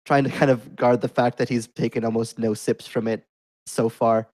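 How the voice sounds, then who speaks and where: A man casually describes what his character does in a tabletop game, in a relaxed way. His voice is mid-pitched. The sound is dry and close. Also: moderate pace, no echo. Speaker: player.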